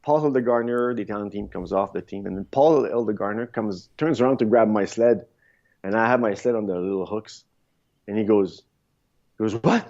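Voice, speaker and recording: A man in his fifties, a podcast guest, telling rambling, animated stories in a casual interview, with frequent restarts. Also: fairly low pitch, brisk. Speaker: podcast guest, former luge athlete. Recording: dull lo-fi sound.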